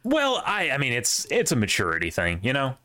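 Rambling young podcast host. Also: male voice, medium pitch, huge pitch swings, a little fast, pushed and bright, no echo. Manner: rambling, talks in restarts and asides. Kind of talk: casual chat.

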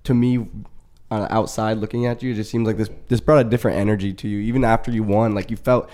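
A man's voice: fairly low pitch, steady tone, quick pace, darkish tone. A man hosting a casual interview, asking long questions full of hedges and rephrasings. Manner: rambling, hedging questions. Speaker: interviewer, podcast host.

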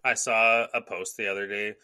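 A low-pitched man in his thirties from Canada chats loosely on a podcast, with a bright, forceful edge to his voice. He rambles, swears freely and acts out his own thoughts in little quoted asides. The sound is dry and close. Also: level tone, normal speed, smooth, dry recording. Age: 30s. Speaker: podcast co-host. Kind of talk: casual chat.

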